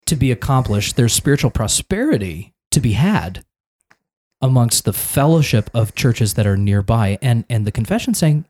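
A man's voice: mid-range voice, sing-song, moderate pace, darkish tone. An American man discussing a church confession in a casual conversation, thinking aloud with many restarts and repeated words. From United States.

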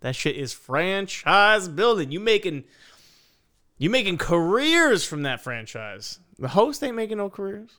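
A man's voice: high voice, big pitch swings, a little slow, bright, forceful tone. A man joking around in a casual podcast chat, cursing often and teasing the others. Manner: joking, swears a lot. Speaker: podcast panelist.

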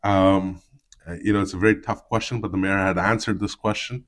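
A man, a city councillor on a podcast, speaking in halting bursts full of ums and you-knows before firm statements. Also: low-pitched, fairly even intonation, a bit bright. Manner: hesitant, heavy fillers, then firm. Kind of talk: casual chat.

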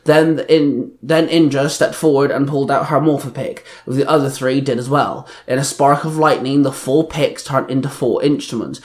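A man's voice: medium pitch, moderate pace, hardly any pauses, darkish tone. A man reading an action story aloud, plainly, with small slips and restarts. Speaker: reader. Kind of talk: reading fan fiction aloud.

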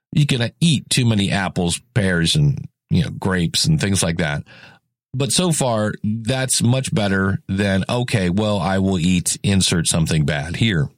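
A man's voice: mid-range voice, no room sound, clean studio sound. A man hosting a casual solo podcast, chatty and rambling, often correcting himself mid-sentence. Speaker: podcast host.

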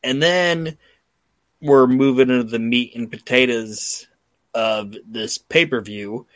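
A man's voice: mid-range voice, takes it slowly, no echo. Man, podcast host, casual swearing chat, acts out quotes, dry close sound. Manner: excited, profane storytelling with acted-out quotes.

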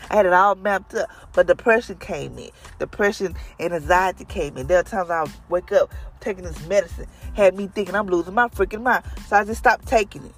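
A woman's voice: fairly low pitch, fairly quick, faint music behind. A woman leading a devotional, sharing a personal testimony in an earnest, conversational, prayerful way. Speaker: devotional leader.

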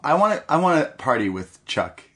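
His voice runs on the high side and a little quick as he co-hosts a wrestling podcast. The talk is casual and packed with laughs, and he spins his stories animatedly, laughing frequently.

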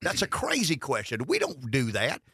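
Host, Southern man, emphatic, bright and lively. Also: mid-range voice, normal speed, slightly rough, no room sound. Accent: Southern American. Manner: animated and emphatic. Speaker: radio show host. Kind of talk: talk radio discussion.

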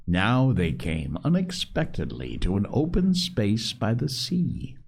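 A man narrating a novel aloud with a dramatic, expressive reading. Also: slow, creaky, hardly any pauses, breathy edge. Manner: dramatic, expressive reading with big pitch swings. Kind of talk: audiobook narration.

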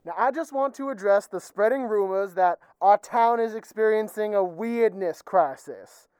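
A pompous, evasive town mayor, played by a woman, denying everything in a smooth, resonant voice. The sound is dry and close. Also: mid-range voice, a little mellow, no room sound, close to an everyday voice. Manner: pompous, insistent denials.

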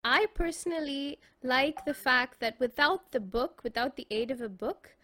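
A woman's voice: high-pitched, moderate pace, pushed and bright. A woman storyteller sharing how she engages children, in an earnest manner. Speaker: storyteller, panelist. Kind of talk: sharing views in a panel.

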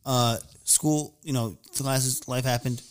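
A man's voice: medium pitch, steady tone, slow pace, clear, resonant tone. A man hosting a podcast in loose, easygoing casual chat, swearing now and then. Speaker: podcast host.

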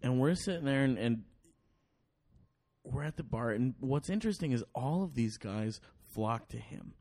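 A man's voice: mid-range voice, animated, moderate pace, vocal fry, a little mellow. A man telling a long story on a podcast in casual chat, swearing often, restarting sentences and acting out other people's lines. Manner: profane, rambling with restarts and acted-out quotes. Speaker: podcast guest.

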